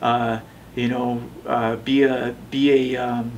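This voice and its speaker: A man in his thirties telling his own story in a relaxed interview, rambling with many fillers and acting out the voices of the people he quotes. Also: medium pitch, takes it slowly, recorded from a distance, a little hiss or hum, rough recording. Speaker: tattoo shop owner telling his story.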